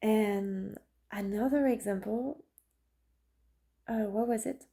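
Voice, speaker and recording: Speaking slowly in a gravelly, dark, mid-range voice, a thirtysomething woman who is an artist and vlogger chats casually. Her storytelling monologue is personal and full of fillers and restarts.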